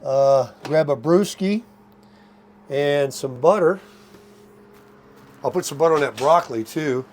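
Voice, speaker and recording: Speaking a little slowly in a fairly high voice with a darkish tone, an older man cooks at his RV and chats folksily for his vlog. He sounds worn out and short of breath as he moves around the RV park, inside and outside, over a slight hiss or hum.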